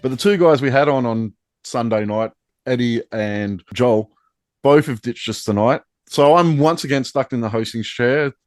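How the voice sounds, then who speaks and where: A man's voice: medium pitch, normal speed, darkish tone, no echo. Wry man hosting. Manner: wry, teasing. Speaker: podcast host. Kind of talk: casual sports chat.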